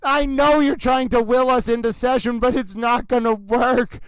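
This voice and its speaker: A man's voice: very high voice, steady tone, moderate pace, clear, resonant tone, no room sound, poor audio. A man hosting a comedic livestream, talking like an overwrought horse-race announcer with theatrical exclamations. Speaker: livestream trial commentator.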